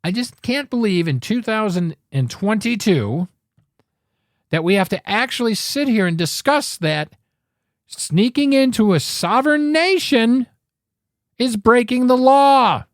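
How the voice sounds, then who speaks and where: A man's voice: very high voice, animated, a little slow, dry recording, clean studio sound. A man hosting a political talk show, ranting with angry, sarcastic emphasis and frequent swearing.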